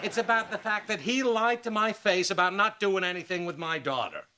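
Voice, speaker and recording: A man's voice: high-pitched, brisk, pushed and bright. An actor playing a sarcastic, wisecracking middle-aged father in a sitcom. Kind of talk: multi-camera sitcom acting.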